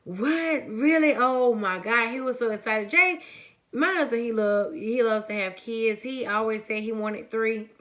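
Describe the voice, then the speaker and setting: A young woman from the United States telling a story-time vlog in a lively, chatty way, talking straight to her viewers. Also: a little high. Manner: casual and chatty, calls viewers honey and baby. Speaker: vlogger.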